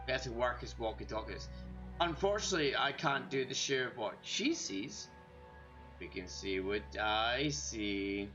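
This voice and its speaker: A chatty Scottish man on a gaming stream, a little tipsy and rambling along with plenty of self-mockery. His voice has a bright, forward edge. Faint game music plays behind him. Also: mid-range voice, lively intonation, measured pace, lo-fi sound. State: tipsy from drinking. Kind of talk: casual gaming stream chat.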